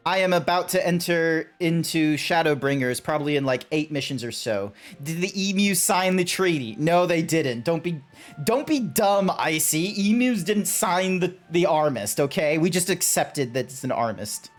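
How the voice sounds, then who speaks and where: Lively man streaming. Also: a little high, moderate pace, faint music behind. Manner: animated, chatty, talks to chat, frequent laughs and restarts. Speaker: game streamer. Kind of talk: casual livestream chat.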